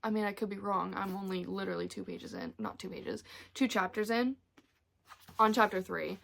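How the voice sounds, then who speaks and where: A woman's voice: medium pitch, sing-song, normal speed, gravelly, a bit bright. A young woman chatting casually about books for her reading vlog, rambling and emotional, recorded in her car. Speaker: book vlogger.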